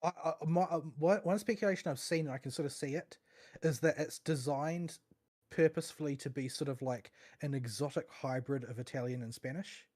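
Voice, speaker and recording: A man's voice: fairly high pitch, brisk, a little mellow. A man co-hosting a podcast, hesitant and full of fillers and restarts, with a dry wit. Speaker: podcast co-host. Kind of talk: casual chat.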